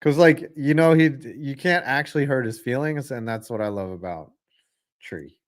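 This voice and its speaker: A young man hosting a live football reaction stream, ranting with lots of swearing and calling plays with sudden bursts of excitement. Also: medium pitch, moderate pace. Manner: profane, ranting, jumps into excited play calls.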